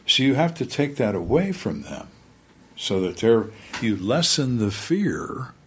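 A man's voice: mid-range voice, very animated, a little slow, slight background noise. A middle-aged man, a former police interrogator, tells stories in a casual interview and acts out the people in them.

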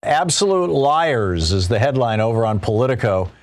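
Medium-pitched with big pitch swings, a man hosts a political talk show at a moderate pace over background music. He comments conversationally, restarts often and mocks the voices he quotes.

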